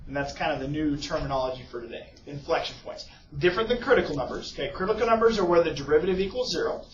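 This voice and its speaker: A man teaching a class in a casual, chatty way, his voice a little higher than most men's. He is recorded from across an echoing room on a dull, muffled recording. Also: expressive, rapid-fire, distant mic, a little hiss or hum. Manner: casual, keeps checking in with "okay?" and "right?". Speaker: math teacher. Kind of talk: classroom lecture.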